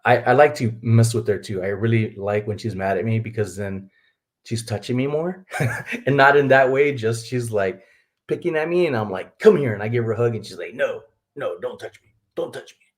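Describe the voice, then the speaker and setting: A middle-aged man from Texas hosting a casual live stream, rambling warmly to viewers with frequent laughs. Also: mid-range voice, normal speed. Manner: rambling, chatty, laughs often, talks to viewers as folks. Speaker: livestream host, reseller.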